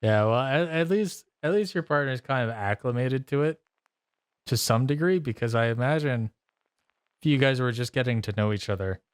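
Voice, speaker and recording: A man's voice: mid-range voice, expressive, normal speed, clear, resonant tone, no room sound, clean studio sound. A man streaming a songwriting session, chatting casually in a rambling, self-interrupting way with frequent laughs. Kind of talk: casual chat while playing guitar. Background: guitar playing.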